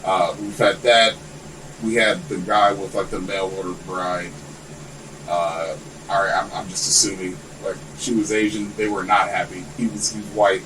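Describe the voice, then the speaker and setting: A man with a fairly low voice spins loose, winding anecdotes, swearing freely as he goes. He sits some way back from the microphone, so the sound is a little distant. A faint air-conditioner hum runs underneath. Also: normal speed. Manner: rambling, animated storytelling with lots of swearing. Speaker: podcast guest. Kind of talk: casual chat.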